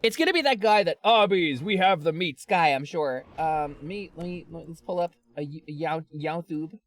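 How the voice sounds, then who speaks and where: A woman streaming from home, chatting casually and animatedly with her viewers, rambling and quick to get fired up. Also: deep voice, animated, no room sound. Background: faint background music.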